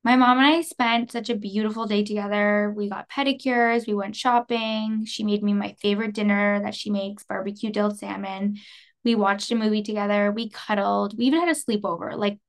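A woman in her twenties from Canada, hosting a podcast in an earnest, emotional monologue, laughing softly between phrases. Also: medium pitch, fairly even intonation, moderate pace. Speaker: podcast host. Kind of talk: personal reflective monologue.

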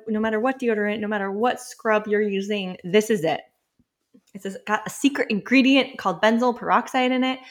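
A woman in her thirties hosting a casual solo podcast, chatty and full of "like" fillers, laughing often and a little winded. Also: medium pitch. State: slightly winded. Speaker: podcast host.

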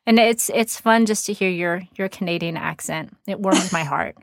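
Speaking at a normal speed in a voice on the low side, a woman hosts a relaxed podcast interview, upbeat and prone to fillers and restarts. She's from Texas, USA, and her Texan accent is mild. The recording is dry and studio-clean.

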